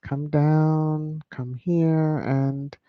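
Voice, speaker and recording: A woman's voice: sits low, steady tone, very slow, no room sound. A woman hosting a live stream in casual chat, thanking viewers by name. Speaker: YouTube live stream host. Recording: dull lo-fi dry sound.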